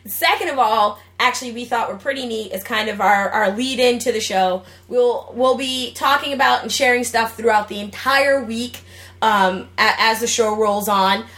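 A woman's voice: on the high side, moderate pace, fairly bright tone. A young woman co-hosting a casual gaming and gadget podcast, bubbly and jokey, rambling with fillers. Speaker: podcast co-host.

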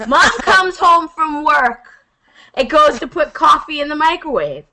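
A woman's voice: sits high, measured pace. A woman telling a story to friends in a casual, profane way, acting out what others said. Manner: profane, animated, acts out quotes in shifting voices. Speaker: podcast co-host.

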